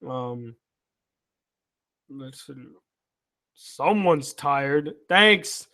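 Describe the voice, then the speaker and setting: Tired, high-voiced man chatting on a livestream. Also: expressive, extremely slow, pushed and bright. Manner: loose, profane, teasing banter with viewers. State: tired, yawning. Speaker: YouTube channel host. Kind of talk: casual live-stream chat reading viewer comments.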